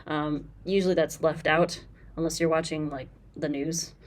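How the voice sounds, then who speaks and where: With a low pitch and fairly even intonation, a woman gives a casual Swahili lesson, patiently explaining and slowly repeating phrases with fillers. She is frank about bad translations.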